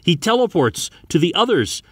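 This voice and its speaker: A man hosting a podcast, recapping a comic book in a lively, storytelling way. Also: high voice, moderate pace, breathy edge, no echo, studio quality. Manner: lively storytelling, acting out scenes. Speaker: podcast host.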